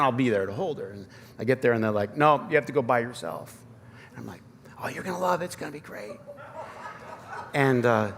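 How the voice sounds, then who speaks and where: Long reverb and faint ambience fill the church sanctuary as a Michigan-accented pastor, in his thirties, weaves personal stories into a self-deprecating, conversational sermon. His voice is medium-pitched, gravelly, and a bit bright.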